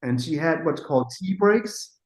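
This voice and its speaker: A middle-aged man, a music producer, telling anecdotes in a lively, casual way, acting out what people said and swearing freely. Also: on the high side, moderate pace, echoey room, low-quality recording. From Denmark. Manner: animated, acts out quotes, swears freely.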